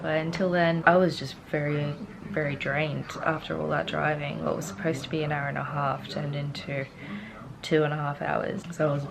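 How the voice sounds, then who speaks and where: A young Australian woman vlogging while she travels, chatting in a rambling, excitable way into a handheld camera. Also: sits low, gravelly. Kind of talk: casual travel vlog. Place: hotel room, then outdoors on streets.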